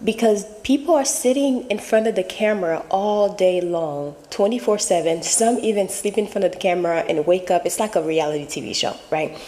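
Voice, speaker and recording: A woman's voice: medium pitch, moderate pace, hardly any pauses, dark tone, big-room sound. A woman hosting her channel, talking casually and emphatically in a rambling way while she is losing her voice. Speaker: channel host. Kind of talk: casual commentary.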